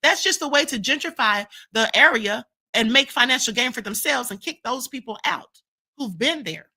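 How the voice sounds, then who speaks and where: High bright preachy woman livestreamer. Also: lively intonation, moderate pace, slightly rough. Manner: preachy, rhetorical questions, repeats for emphasis. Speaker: livestream host. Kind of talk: commentary livestream. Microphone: streaming setup mic.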